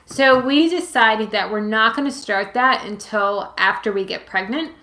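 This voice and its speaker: Woman, late twenties, from Massachusetts, casual live Q&A host, rambling with fillers, mid pitch, echoey room. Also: a little slow, bright, forceful tone. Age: 20s. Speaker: channel host answering viewer questions. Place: at home with her pets nearby. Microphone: webcam or phone on a livestream.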